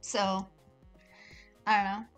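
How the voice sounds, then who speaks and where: A woman's voice: medium pitch, flat delivery, fairly bright tone, smooth, soft background music. A woman streamer chatting casually and jokingly while reading a visual novel aloud. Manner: rambling, joking, fast with fillers.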